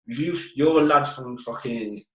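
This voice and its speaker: An earnest male guest speaks frankly at a middling pitch. His voice carries a noticeable room echo. He often checks that his listener follows him. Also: normal speed, sharp tone. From Birmingham, England. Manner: earnest, frank, keeps asking "do you get what I mean". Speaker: guest, fitness business owner. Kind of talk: casual conversational interview.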